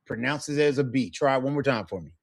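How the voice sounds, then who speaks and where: A man teaching a one-on-one Spanish lesson, patient and encouraging, modeling words slowly for a student. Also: mid-range voice, vocal fry.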